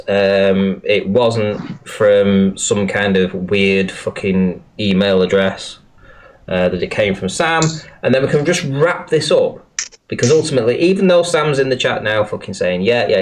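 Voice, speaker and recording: A man's voice: lowish voice, a little hiss or hum. Exasperated, swearing livestream host man. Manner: exasperated, swears a lot, restarts often. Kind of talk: casual livestream talk.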